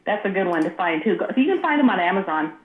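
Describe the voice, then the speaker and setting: A woman's voice: on the low side, fast. A woman calls into a radio talk show as co-host, spinning a story and slipping into the voices of the people in it. Her voice comes through a thin, tinny phone line with a hollow echo around it. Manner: lively storyteller acting out quoted voices. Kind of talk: casual chat.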